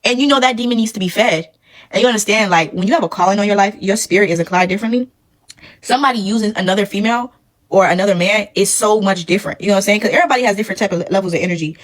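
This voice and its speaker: A woman's voice: medium pitch, very fast, rough recording. A woman, emphatic and preachy, telling a casual storytime about her past relationship.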